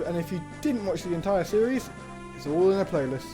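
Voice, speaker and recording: A man's voice: high voice, expressive, brisk, over music. A man casually commenting while playing and reading through a video game, with offhand asides. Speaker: video game player narrating. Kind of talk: casual let's-play commentary.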